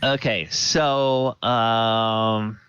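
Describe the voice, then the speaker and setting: A man narrating as dungeon master of a tabletop game, slow and halting with plenty of fillers, over a home computer mic in an online session. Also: on the low side, fairly even intonation, fairly bright tone, clean tone, dry recording. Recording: dull, dry lo-fi audio.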